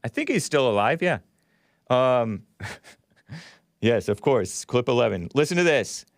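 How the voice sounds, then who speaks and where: A man's voice: mid-range voice, animated, unhurried. A man hosting a call-in talk show, chatting casually, laughing often and reading out listener comments. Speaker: radio call-in show host.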